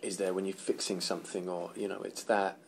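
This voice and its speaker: An English man chats in a relaxed press interview and tells animated stories. His voice sits on the low side. Faint noise hums behind him. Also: brisk, vocal fry. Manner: animated storyteller, laughs often, acts out quotes. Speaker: actor being interviewed.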